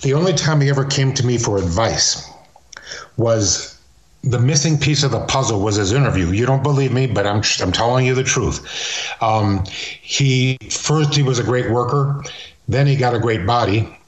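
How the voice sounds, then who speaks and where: A man's voice: mid-range voice, normal speed. Older man telling stories in a roomy echo. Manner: animated storyteller, slips into impressions. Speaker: interview guest, retired wrestler. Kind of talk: casual storytelling interview.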